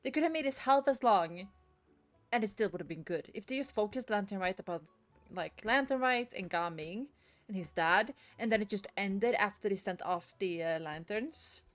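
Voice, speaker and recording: A woman's voice: mid-range voice, expressive, moderate pace, soft background music. A woman streaming a game from her room at home, ranting in exasperation, swearing and repeating herself. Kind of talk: live-streamed gameplay commentary. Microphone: desk mic at the computer.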